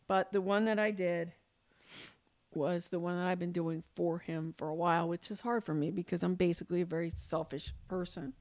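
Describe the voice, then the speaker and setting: A woman's voice: fairly low pitch, a little mellow, no echo. An older woman on a podcast, crying as she tells a candid personal story, swearing and mocking herself. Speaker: podcast guest.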